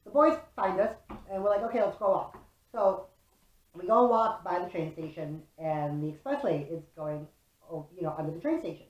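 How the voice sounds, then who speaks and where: A young woman from Chicago tells a story in a casual, profane, animated way. Her voice sits a little low for a woman. The room around her rings with a noticeable echo. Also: normal speed. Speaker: vlogger. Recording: roomy echo.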